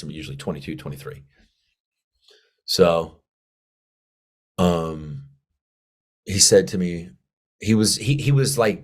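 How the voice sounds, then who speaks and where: Guest spot: deep-voiced male vet, salty, lively storyteller who acts out the dialogue. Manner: animated, profane, acts out quoted dialogue. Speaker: podcast guest, Marine veteran. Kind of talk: casual storytelling interview.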